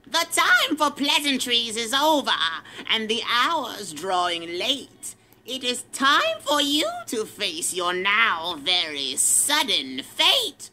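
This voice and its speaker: A woman's voice: fairly high pitch, sing-song, slow pace, bright, forceful tone, exaggerated voice. A woman voicing a proud, silver-haired elder witch and blood sorceress who speaks in a theatrical, melodic way. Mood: ominous. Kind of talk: audio drama acting.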